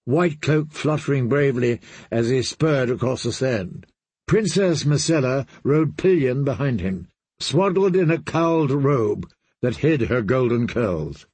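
A man's voice: medium pitch, a little mellow, husky, no room sound. A man narrating an audiobook, reading expressively and giving every character a voice.

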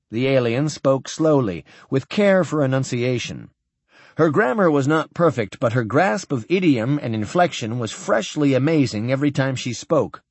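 A man giving an expressive scripted narration of a science fiction novel. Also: medium pitch, normal speed, slightly rough, no echo. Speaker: audiobook narrator.

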